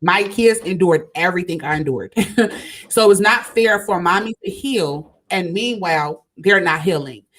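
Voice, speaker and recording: A woman's voice: lowish voice, normal speed, a bit bright. A woman hosting a casual talk. She laughs often and leads the conversation, handing it on to her guest. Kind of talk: casual chat.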